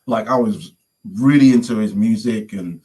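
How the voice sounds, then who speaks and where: London man, low voice, animated storyteller, casual chat. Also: normal speed, poor audio. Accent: London English. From London, England. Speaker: guest musician.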